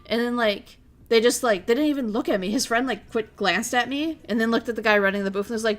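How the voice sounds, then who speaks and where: Young woman rambling, fairly high voice. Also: fast talker, soft background music. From Minnesota. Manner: rambling, profane storytelling. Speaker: streamer. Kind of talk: casual chat.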